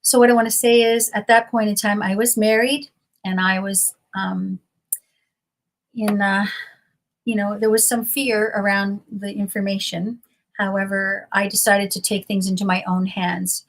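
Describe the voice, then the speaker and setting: A woman's voice: medium pitch, flat delivery, unhurried. Middle-aged lady on a video call from home, earnest and emotional, rambling a bit through her story. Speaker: guest. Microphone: computer mic on a video call.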